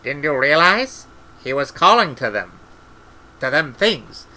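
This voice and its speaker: A man voicing a stern, sharp-tongued old witch woman in a storybook reading, brusque and scolding. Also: fairly high pitch, sing-song, measured pace, heavily acted. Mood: sour.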